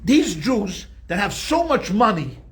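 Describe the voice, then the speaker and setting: A man voicing an eager, scheming young male town prince, pitching a deal with excited salesman energy. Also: unhurried, full character voice.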